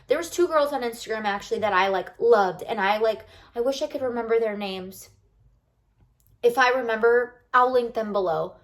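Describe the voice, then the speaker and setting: A woman's voice: fairly high pitch, normal speed. A bubbly woman vlogger talking casually and animatedly straight to her viewers. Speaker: lifestyle vlogger. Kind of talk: casual chat to camera.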